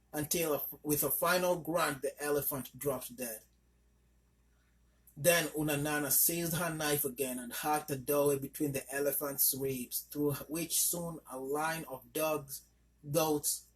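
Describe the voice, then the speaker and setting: A man's voice: fairly high pitch, fairly even intonation, takes it slowly. A man narrating a folk tale, reading steadily with small slips. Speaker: storyteller.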